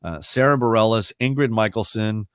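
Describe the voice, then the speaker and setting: A man's voice: on the low side, normal speed, smooth, no echo. Chatty man radio broadcaster, dry sound. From Baltimore area. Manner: chatty storyteller, laughs often, many restarts. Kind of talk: casual interview chat.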